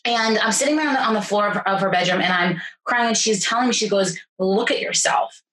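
A woman's voice: mid-range voice, fast talker. Young woman, podcast guest, casual storytelling, lots of fillers and restarts, roomy echo. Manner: animated, repeats words, many fillers.

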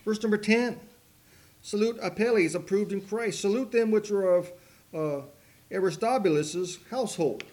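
A man preaching a sermon, mixing folksy rambling stories with slow, emphatic preaching. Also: high voice, darkish tone. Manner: folksy, rambling storytelling with asides and laughs. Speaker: pastor.

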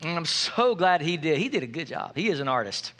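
A male pastor delivers a lively sermon, his voice high and ringing bright. He jokes freely with his congregation and keeps calling out for them to answer him. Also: fairly quick. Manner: playful, joking preacher who calls for audience responses.

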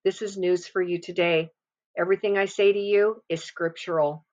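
A woman's voice: fairly low pitch, steady tone, normal speed, darkish tone. A woman preaching a sermon, explaining scripture with emphatic, swelling delivery. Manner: emphatic, rising and falling for emphasis. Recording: slightly dull lo-fi sound.

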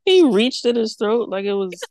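A woman co-hosting a podcast in casual chat, reacting with quick comments and teasing. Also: on the high side, very animated, darkish tone, no room sound, studio quality. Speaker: podcast co-host.

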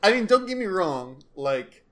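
A man's voice: high-pitched, very animated, unhurried, fairly bright tone. A man co-hosting a casual podcast about a TV episode, laughing often and acting out lines of dialogue. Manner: laughs often, acts out quotes. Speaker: podcast co-host.

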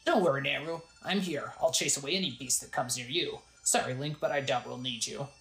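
A woman's voice: very deep voice, a little fast, creaky, a bit bright, echoey room, soft background music, exaggerated voice. A woman reading a boastful young wizard.

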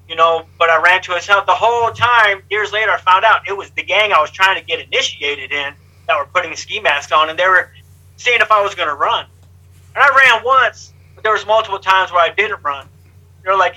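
A man's voice: sits high, fairly quick, poor audio. A man being interviewed, telling his life story candidly in blunt, streetwise language and acting out what others said. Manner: lively, acts out other people's lines. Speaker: interview guest.

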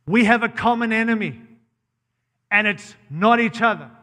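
A man's voice: sits high, moderate pace, bright, forceful tone. An American man preaching a sermon, blunt and impassioned, often breaking off mid-phrase to restart. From United States. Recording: long hall reverb.

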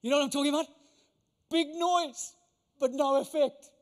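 A pastor giving an animated, conversational sermon, acting out voices of the people in his stories. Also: extremely high pitch, normal speed, long reverb tail.

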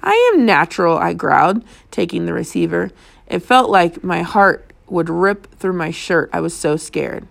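Gravelly-voiced woman reading a novel. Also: lowish voice, a little slow. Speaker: audiobook reader. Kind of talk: first-person audiobook narration.

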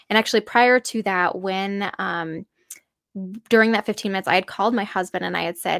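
A woman's voice: medium pitch, fairly even intonation, a little fast, gravelly, a bit bright, no echo, studio quality. A young adult woman earnestly telling a personal story about giving birth, emotional and full of fillers.

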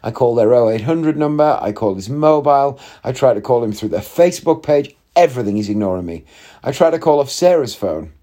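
A man's voice: mid-range voice, lively intonation, a little fast, mellow. A man, telling a long story in a chatty, rambling way with wry asides. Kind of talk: casual storytelling monologue.

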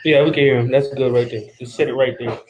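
A man's voice: mid-range voice, steady tone, fast. A man co-hosting a casual podcast, teasing bluntly. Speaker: podcast co-host.

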